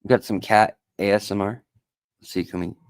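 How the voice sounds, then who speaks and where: A man's voice: fairly low pitch, steady tone, moderate pace. A man hosting a casual aquarium livestream from an indoor studio, rambling and joking with lots of fillers. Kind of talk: casual live-stream chat.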